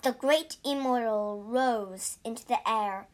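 Slow, high-voiced woman reading a story. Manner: slow, clear, deliberate. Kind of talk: storybook reading for English learners.

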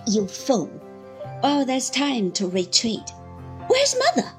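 A woman reading aloud voices a sly, scheming male clerk who is cornered and spiteful, speaking louder and with sneering threats. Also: fairly high pitch, very animated, measured pace, soft background music. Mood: threatening.

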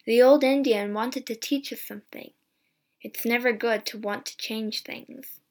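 A woman's voice: fairly high pitch, fairly even intonation, measured pace, a little mellow. Woman reading as a grave old soldier. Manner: earnest, cautionary. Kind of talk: storybook reading.

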